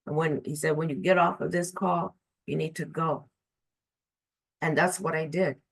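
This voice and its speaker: Woman telling her own story, earnest and halting, keeps restarting lines, dry close sound. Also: sits low, a bit bright, no room sound, poor audio. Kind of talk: personal storytelling.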